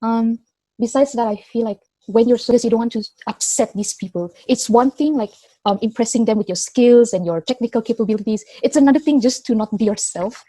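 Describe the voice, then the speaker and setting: A young woman with a Sabahan Malaysian English accent speaks in a casual interview, pausing and restarting as she searches for words. Her voice is warm and mellow, recorded close and dry. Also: on the high side, no echo. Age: 20s. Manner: hesitant, many restarts and fillers. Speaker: interview guest, engineer.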